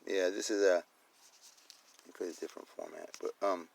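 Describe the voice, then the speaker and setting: Gravelly low-voiced cursing man. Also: fairly even intonation, darkish tone, poor audio. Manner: swears constantly, rambling, reads legal text slowly and haltingly. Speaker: video maker showing his documents. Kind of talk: casual profane livestream rant.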